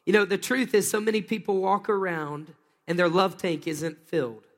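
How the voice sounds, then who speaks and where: A man, preaching a sermon in a folksy storytelling way that rises into excited bursts. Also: high-pitched, normal speed. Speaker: pastor. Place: church sanctuary. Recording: long hall reverb.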